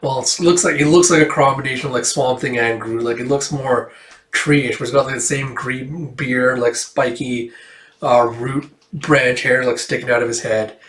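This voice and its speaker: A man's voice: medium pitch, steady tone, normal speed, a bit bright, reverberant. A man casually retelling a comic book, filling his talk with "like". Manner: casual, many fillers like "like". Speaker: comic reader.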